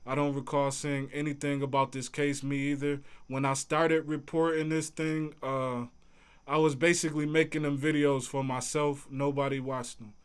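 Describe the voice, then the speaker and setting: A man hosts a casual livestream and talks back to his chat in relaxed slang. His voice sits a little high for a man and comes through smooth and clear. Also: moderate pace. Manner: laid-back, conversational, speaks to chat in slang. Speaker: livestream host reading chat.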